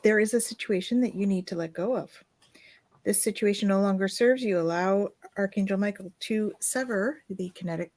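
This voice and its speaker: Woman, mid-pitched, calm, gentle, guiding psychic reader, live reading. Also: brisk.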